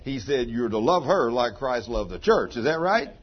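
In a dull recording with faint noise behind it, a pastor with a slightly rough, mid-range voice delivers a folksy, talkative sermon at normal speed. His pitch swings widely, and he ribs people in the congregation by name.

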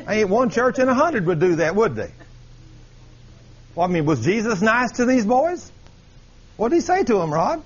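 A man preaching a sermon, animated and firing questions at his congregation, on a dull lo-fi recording. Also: high voice, fairly quick, pauses often.

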